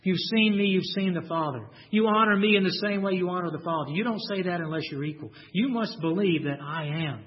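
Male preacher, higher voice, emphatic sermon delivery, dull lo-fi sound. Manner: emphatic, stresses key words with slow drawn-out lines; repeats words when restarting. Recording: dull lo-fi recording.

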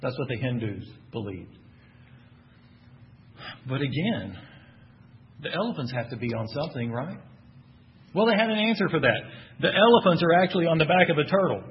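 This Texan-accented preacher has a voice on the high side, speaking at normal speed with long pauses. He keeps questioning the congregation and answering in emphatic, animated bursts. The recording has its highs cut off and slight background noise.

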